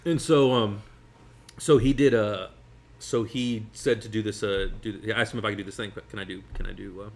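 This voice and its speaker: A man, a magician guest, telling stories in casual chat over food, rambling and animated with many restarts. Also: lowish voice, fairly quick. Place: sitting at a table over food.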